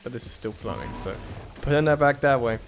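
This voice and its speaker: Commenting fairly quickly in a medium-pitched voice, this gamer works through a puzzle game casually, mumbling his thoughts aloud, mocking himself, and occasionally bursting out in frustration. A little hiss or hum sits under the audio.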